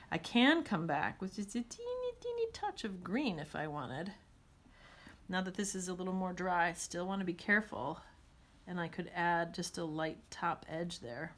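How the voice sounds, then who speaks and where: A woman's voice: on the low side, a bit bright. A woman teaching a watercolor demonstration, chatting and thinking aloud as she paints.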